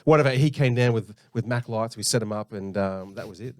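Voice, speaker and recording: Laid-back Australian man, low voice. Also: brisk, no echo, studio quality. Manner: rambling, laid-back, lots of fillers. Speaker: podcast co-host. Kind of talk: casual storytelling chat.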